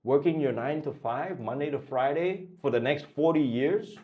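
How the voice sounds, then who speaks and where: A man's voice: fairly high pitch, normal speed, phone-quality sound. A man coaching traders in a blunt motivational talk. He swears freely and keeps pushing the listener with repeated questions. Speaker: trading coach.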